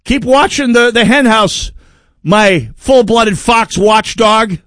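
Man doing a meek, trusting farmer, pitched up. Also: slow pace, fairly bright tone, no room sound, clean studio sound. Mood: placating. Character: naive, trusting male farmer.

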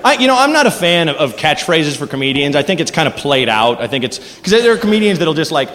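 Animated stand-up comic in a reverberant club. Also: male voice, a little high, quick pace. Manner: animated, jumps into loud voices for bits. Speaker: stand-up comedian. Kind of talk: stand-up comedy set. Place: comedy club stage before a live audience. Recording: live club recording with long reverb and noise.

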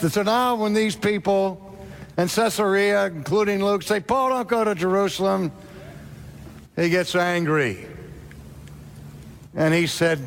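A man's voice: unhurried, creaky, long pauses, slight background noise. A middle-aged man preaching a sermon, dramatic, acting out the voices he quotes. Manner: dramatic, acts out quoted voices with wide pitch swings.

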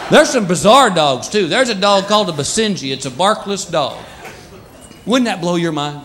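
A man's voice: high voice, moderate pace. A man doing a stand-up routine, acting out his pets in silly voices. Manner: animated, acts out pets in funny voices. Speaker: stand-up comedian. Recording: live club with crowd and noise. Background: audience laughter.

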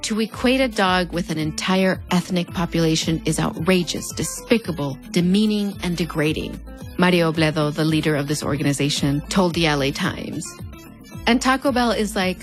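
A woman's voice: normal speed, soft background music. A woman in her thirties with a Mexican American border accent, hosting scripted pop-culture commentary in a wry, conversational way. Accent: Mexican American border (fronterizo). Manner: conversational and wry, with playful pitch swings. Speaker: host.

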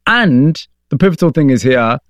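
A man interviewing a guest and narrating the story between questions, measured and probing. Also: mid-range voice, lively intonation, no room sound, dull audio. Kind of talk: documentary-style narration and questions.

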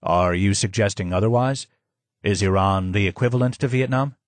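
A man's voice: fairly low pitch, normal speed, no room sound, natural voice. A man voicing a polite, skeptical American businessman who asks questions.

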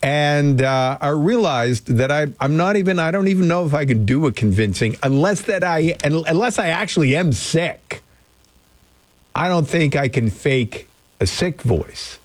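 A man's voice: a little high, expressive, a little slow, no room sound. A man hosting talk radio, chatty and opinionated. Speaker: radio host. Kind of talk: casual talk radio chat. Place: radio studio.

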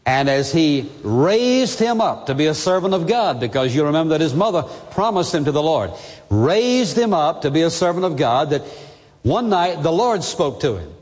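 A man's voice: a little high, big pitch swings, normal speed, darkish tone, big-room sound. A man preaching a sermon as pastor, speaking earnestly and directly to the listener.

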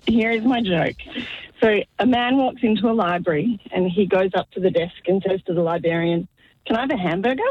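A woman's voice: medium pitch, fairly even intonation, normal speed, slightly rough. A woman, a mum calling in from her car, chatting and giggling as she tells a joke. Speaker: caller, a mum. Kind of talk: telling a joke on a call-in. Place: in a car on the phone. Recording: lo-fi crackly phone line.

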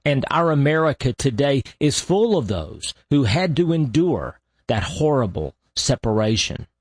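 A man hosting a radio show, narrating in a slow, deliberate way with long dramatic pauses. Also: mid-range voice, sing-song, slightly rough, no room sound.

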